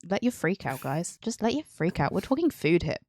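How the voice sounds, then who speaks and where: Giggly low-voiced woman streamer. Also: sing-song, brisk, darkish tone, no echo, studio quality. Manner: giggly, rambling, teasing. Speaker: streamer and history host. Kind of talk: casual chat stream.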